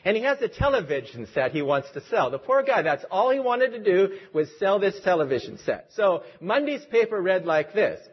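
A man's voice: high-pitched, big pitch swings, normal speed, hardly any pauses, slightly rough, lo-fi sound. A man preaching a sermon as pastor, leading a prayer and telling stories in an earnest, lightly humorous way.

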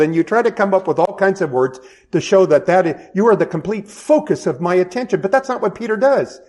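A man's voice: sits high, lively intonation, brisk, hardly any pauses, a little mellow. A middle-aged man preaching a sermon as pastor, conversational, with self-deprecating asides and frequent restarts.

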